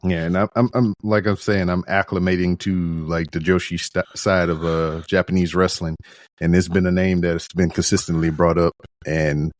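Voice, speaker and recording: A man's voice: low voice, little pitch movement, normal speed, no room sound, clean studio sound. A man co-hosting a podcast, laid-back and wry in casual chat. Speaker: podcast co-host.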